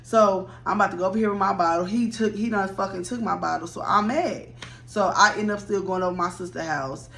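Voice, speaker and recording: A woman in her mid-thirties telling a rambling personal story to her viewers, chatty and animated. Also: mid-range voice, fairly quick, gravelly. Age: 30s.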